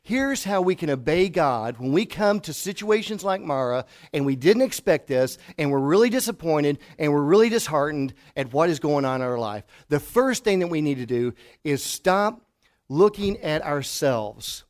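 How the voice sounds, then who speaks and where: A middle-aged pastor preaching a sermon to his congregation, telling stories and dropping to a hush for emphasis. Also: fairly high pitch, expressive, moderate pace. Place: church hall before a congregation.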